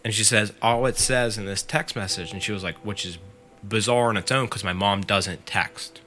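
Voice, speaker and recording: A man's voice: on the low side, moderate pace, sharp tone, faint music behind. A man casually retelling a scary story on a podcast, full of fillers and quoting the teller. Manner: filler-heavy, lots of "like", quotes the storyteller.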